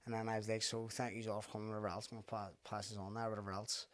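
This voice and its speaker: A man's voice: fairly low pitch, very fast. A man hosting a podcast, telling stories in a casual chat and laughing through them. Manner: animated storyteller, laughs through his stories. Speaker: podcast host.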